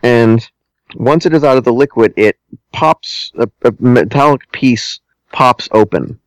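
A man narrating a tabletop game as game master, deliberate and hesitant, with many ums and restarts. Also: medium pitch, no echo, low-quality recording.

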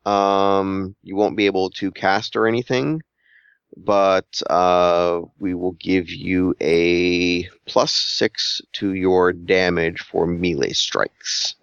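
A man's voice: deep voice, level tone, fairly bright tone, smooth, no room sound. A man running a tabletop game as game master, talking casually with frequent restarts and repeated words. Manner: halting, repeats words, searches for phrasing. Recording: dull, lo-fi sound.

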